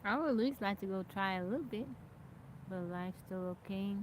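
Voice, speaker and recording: A woman's voice: mid-range voice, a little fast, slight background noise. A woman hosting a casual live stream outdoors, chatting and greeting viewers by name as they join, and thanking them. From America. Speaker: livestream host. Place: outdoors in nature.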